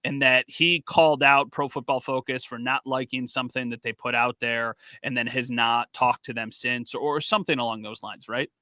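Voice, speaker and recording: Bright-voiced man telling a story. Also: mid-range voice, normal speed, hardly any pauses, dry recording. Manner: animated storyteller, acts out quotes. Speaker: podcast co-host and sports reporter. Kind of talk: casual podcast chat.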